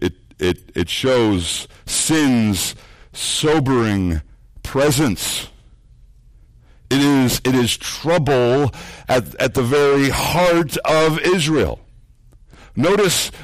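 A man preaching a sermon, earnest, repeating words as he builds points and dropping low and soft for emphasis. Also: dry recording. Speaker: pastor.

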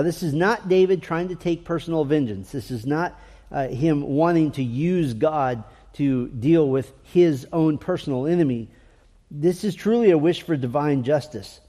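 A man preaching with a mellow, slightly raised voice and earnest, emphatic delivery. He leans on rhetorical questions and scripture readings. The sound carries a long reverb, as in a large hall. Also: a little high. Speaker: pastor. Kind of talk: sermon.

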